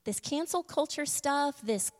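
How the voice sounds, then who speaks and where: A fairly high-voiced woman preaching in a casual, chatty way, with frequent laughs and sudden slowdowns for emphasis. Her voice carries a long reverb, as if she is speaking in a large hall. She sounds like she is talking with the room more than lecturing it. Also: animated. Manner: conversational, laughs often, shifts between quick asides and slow emphatic lines. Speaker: church speaker. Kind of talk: casual sermon with humor and props.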